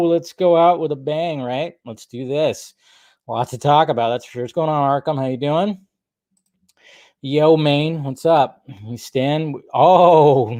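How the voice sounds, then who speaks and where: Young guy hosting a livestream, joking with chat, bit of a throaty cough, slightly high voice. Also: a little mellow, no echo. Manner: chatty, greets viewers by name, jokey. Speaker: livestream host. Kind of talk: casual live chat. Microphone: desk microphone.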